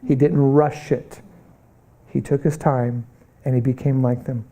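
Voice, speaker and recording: A man's voice: medium pitch, flat delivery, measured pace, warm tone. A middle-aged man teaching a Bible college missions class, preaching earnestly with rhetorical questions and bursts of urgency. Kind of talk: classroom lecture.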